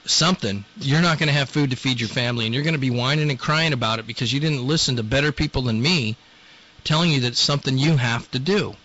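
A man's voice: medium pitch, bright, forceful tone, highs cut off. A man hosting a talk show, delivering a blunt, scolding monologue. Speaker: radio show host.

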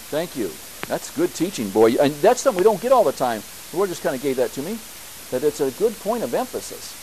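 A man preaching a church sermon, building to emphatic, repeated bursts and then dropping back to a quieter teaching tone. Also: high voice, a little hiss or hum, low-quality recording. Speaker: pastor.

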